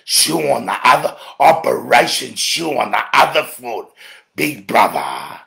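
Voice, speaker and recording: An Australian man in an angry, profane monologue to camera, dropping to low mutters, then shouting. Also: big pitch swings, measured pace, gravelly. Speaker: video ranter.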